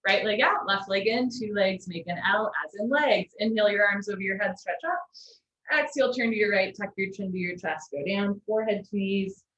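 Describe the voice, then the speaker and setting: Over an echoey, lo-fi video call, a woman teaches a live yoga class online, her mid-pitched voice moving briskly through calm, steady posture cues and occasional gentle asides. The sound is roomy and slightly dull.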